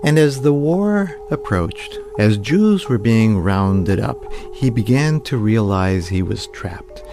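A man telling a true story as a storyteller, in a measured, vivid way. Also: on the low side, animated, over music. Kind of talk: spoken storytelling.

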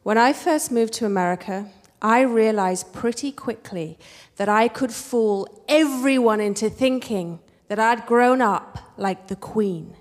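A young English woman from England, telling a story on stage with a wry, animated, punchy delivery. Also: on the high side, a little slow. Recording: reverberant hall.

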